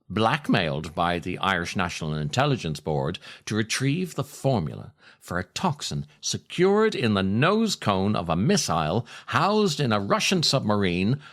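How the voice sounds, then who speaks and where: A man's voice: lowish voice, a bit bright. Wry man reading his own essays. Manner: wry, dry humor. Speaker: podcast host.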